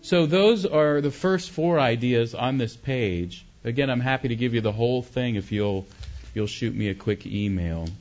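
A man's voice: medium pitch, normal speed, a little mellow, muffled recording. A man teaching a songwriting workshop, explaining ideas and singing short melody examples.

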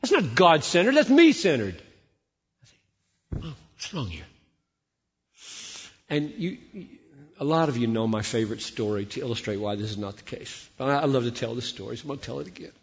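A man in his sixties preaching a sermon, telling a story animatedly, acting out dialogue and repeating words when excited. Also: medium pitch, quick pace. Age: 60s. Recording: dull sound with long hall reverb.

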